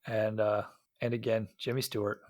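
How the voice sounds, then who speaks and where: A man's voice: on the low side, little pitch movement, normal speed, a little mellow, no room sound. A man from Iowa co-hosting a podcast, chatting casually about a movie with many fillers and restarts. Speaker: podcast co-host.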